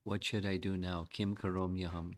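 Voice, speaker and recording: Man giving a measured devotional talk. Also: low voice, flat delivery. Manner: measured, reflective, chants verses slowly. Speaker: spiritual teacher. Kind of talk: devotional lecture.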